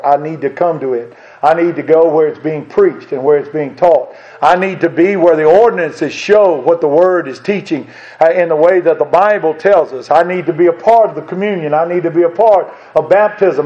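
A man's voice: a little high, darkish tone. A man preaching a sermon as pastor, asking his congregation rhetorical questions. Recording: dull lo-fi sound.

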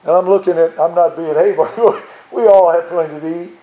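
A man's voice: on the high side, steady tone, fairly quick, dark tone, roomy sound, poor audio. An older man preaching a sermon in a folksy, earnest way, rising to pleading emphasis.

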